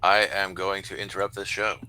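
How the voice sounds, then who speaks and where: A man's voice: low-pitched, level tone, fairly quick, bright, forceful tone. A man playing in a tabletop game, talking in an eager, direct way. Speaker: player. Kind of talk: casual tabletop game chat.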